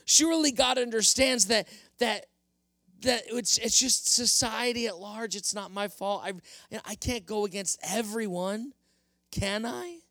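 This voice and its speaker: A man's voice: sits high, a little slow, bright, forceful tone, no room sound, clean studio sound, pitched above the performer's own voice, full character voice. A man voicing a whiny, self-justifying king in a sermon retelling, pleading and defensive. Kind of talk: sermon storytelling.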